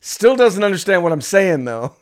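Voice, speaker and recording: A man's voice: high voice, normal speed. A man co-hosting a podcast, joking and telling stories in casual chat. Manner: joking, animated storytelling. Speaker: podcast co-host.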